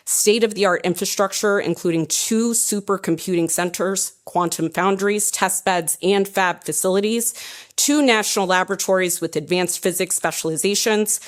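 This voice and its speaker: A woman speaks at a press conference, delivering a prepared, upbeat speech with a slightly low voice. She works briskly through lists of partners and thanks, with a light touch of humor. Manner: upbeat, reads thank-you lists, laughs at own jokes. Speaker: president and CEO of an economic development group.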